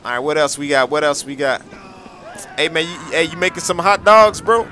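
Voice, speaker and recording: A young man giving casual, excitable game commentary, full of slang and repeated reactions. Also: a little high, moderate pace, slight background noise. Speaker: gameplay commentator.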